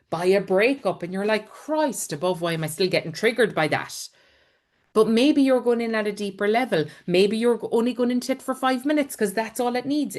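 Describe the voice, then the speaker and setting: Earnest woman coaching on a call. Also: medium pitch. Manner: earnest, encouraging, personal storytelling. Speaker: spiritual coach and healer. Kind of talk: spiritual teaching talk on a live group call.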